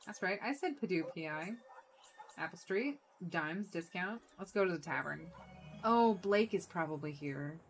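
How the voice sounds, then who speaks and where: Low-voiced woman reading game text. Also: animated, measured pace, a little hiss or hum. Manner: casual, wry, soft-spoken asides. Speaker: let's play streamer.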